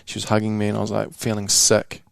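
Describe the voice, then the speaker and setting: A man's voice: on the low side, completely flat delivery, quick pace, gravelly, dry recording, studio quality. A young man from New Zealand telling a candid personal story on a casual podcast, slangy and swearing, calling the host bro. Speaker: podcast guest.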